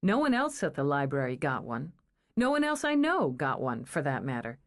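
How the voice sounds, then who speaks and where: A woman's voice: low-pitched, sing-song, moderate pace, voice pushed down. A woman doing blunt wry Dana. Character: blunt, irritable young woman librarian.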